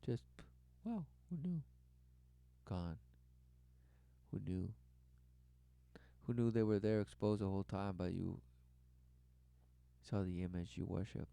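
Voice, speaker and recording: Gravelly, dark-voiced man asking rhetorical questions. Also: slow pace, pauses often, dry recording. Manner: repetitive rhetorical, keeps asking "who knew"; emphatic, swings between loud bursts and low mutters. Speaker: online commentator. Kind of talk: religious commentary over clips.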